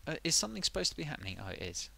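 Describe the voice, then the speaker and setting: Man, live streamer, casual chat, rambling, muttering, a bit under the weather, bright tense voice. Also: on the high side, big pitch swings, very fast, vocal fry. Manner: rambling, easily sidetracked, mutters to himself.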